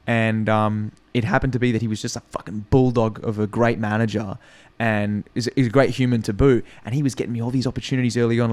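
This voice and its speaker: A young man from Australia with an Australian accent, a podcast guest chatting casually and swearing freely as he tells stories about acting. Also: medium pitch. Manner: profane, animated storytelling. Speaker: podcast guest, actor and comedian.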